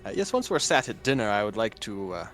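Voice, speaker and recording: Pompous, lively-pitched man in a tabletop game. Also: fast, faint music behind. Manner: pompous, hesitant, many fillers. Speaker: player. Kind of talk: in-character tabletop play.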